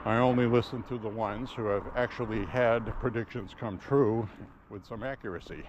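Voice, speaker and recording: A man's voice: on the low side, normal speed, lo-fi sound, background noise. A man talking in a loose, opinionated ramble while walking outdoors on town streets, recorded on a camera strapped to his chest. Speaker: walking vlogger. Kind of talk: casual walking monologue.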